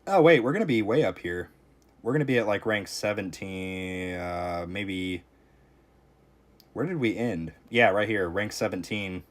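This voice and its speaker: A young man with a fairly low voice live-streams a tower defense game. He thinks aloud, answers his chat and breaks into sudden exclamations when the run gets tense. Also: measured pace. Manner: reactive, talks to chat while playing, frequent exclamations. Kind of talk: casual live-stream commentary.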